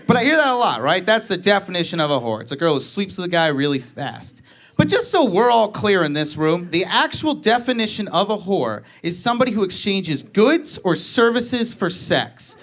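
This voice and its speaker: A man's voice: sits high, sing-song, normal speed, fairly bright tone. A male stand-up comedian telling a story and acting out both sides of the conversation. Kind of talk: stand-up set.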